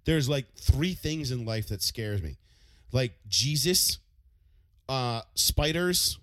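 A man co-hosting a casual podcast, talking fast and loose, swearing often and acting out other people's angry words. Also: mid-range voice, no room sound. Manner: animated, swears a lot, acts out angry quotes. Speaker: podcast co-host. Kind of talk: casual profane chat.

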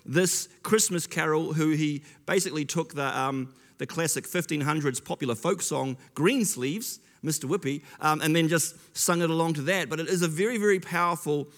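Man, pastor, casual storytelling sermon, slightly high voice, long hall echo. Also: moderate pace, hardly any pauses. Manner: chatty, self-interrupting storyteller.

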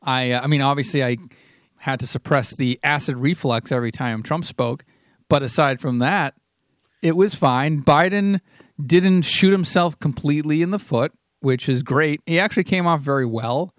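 A man's voice: a little high, moderate pace, no room sound, studio quality. A man co-hosting a podcast in casual chat, wry and joking.

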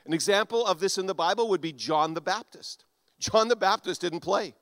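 A man preaching a sermon, animated, acting out quoted voices and swinging between loud and soft. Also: high voice, moderate pace, no echo. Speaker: pastor.

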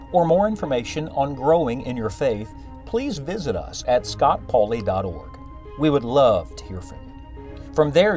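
A man reads a closing announcement for a broadcast ministry. His pitch moves in a lively, expressive way. Soft music plays faintly underneath. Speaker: program announcer.

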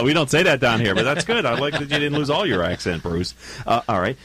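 Man, radio talk host, low voice, dry studio sound, chatty and joking. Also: animated, fast talker, a bit bright, husky, no room sound, rough recording. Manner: chatty, jokey, affirming. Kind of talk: casual radio interview.

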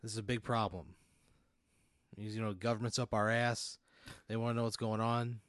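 A blunt corporate executive in a navy suit levels with a visitor, smooth and evasive, as a man puts him on. The voice is fairly low and dry, recorded close. He talks businesslike. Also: flat delivery, normal speed, fairly bright tone, no echo, lightly acted.

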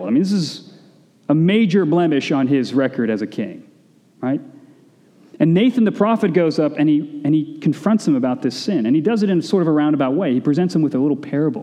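A man preaches in a relaxed, conversational style, tossing in casual asides as he explains his point. His voice sits a little high for a man yet sounds warm and mellow. A long reverb trails each phrase, as in a large hall. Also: a little fast. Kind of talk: sermon.

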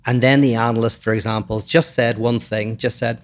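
A man co-hosts a relaxed talk show. He explains ideas patiently and restarts his sentences as he searches for the right words. His voice sits in a middle range. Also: mid-range voice, a little fast, slight background noise. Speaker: podcast co-host. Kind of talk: casual philosophical discussion.

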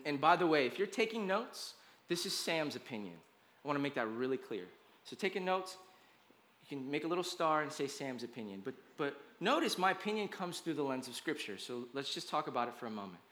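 A man's voice: fairly high pitch, sharp tone. A male pastor preaching a conversational sermon, often checking in with his listeners and hammering points with repeated lists. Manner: emphatic, repetitive lists.

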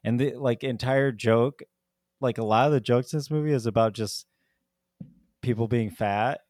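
A man co-hosts a casual movie review podcast at a moderate pace, his medium-pitched voice darkish in tone. The recording is dry and clean studio sound, and he rambles with lots of "like" and frequent laughs.

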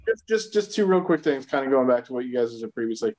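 A man's voice: mid-range voice, animated, fast, darkish tone. A man with an ordinary mid-range voice jokes around in a casual podcast chat. He often stumbles and restarts his sentences. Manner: joking, stammers restarts.

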